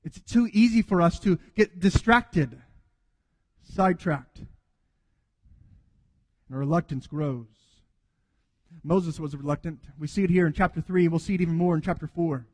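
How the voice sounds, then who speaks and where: A man's voice: fairly high pitch, moderate pace, pauses often, long reverb tail. A man preaching a sermon earnestly, acting out quoted dialogue as he goes. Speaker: pastor.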